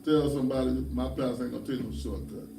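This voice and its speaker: A man's voice: medium pitch, fairly even intonation, fast, gravelly, warm tone, slight background noise. An older man, a pastor, preaching a folksy sermon full of humorous stories and stern warnings. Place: church. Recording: roomy church sound from far off.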